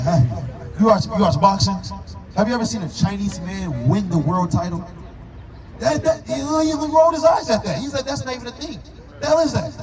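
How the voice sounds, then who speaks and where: High-ish voiced guy street preaching, pushy questions, crowd noise all around. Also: poor audio. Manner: forceful, rhetorical questioning, emphatic.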